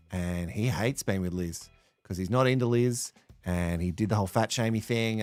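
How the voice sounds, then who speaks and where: A man's voice: fairly low pitch, dry recording. An Australian man hosting a reality TV recap in casual reaction commentary, mocking the cast and laughing often.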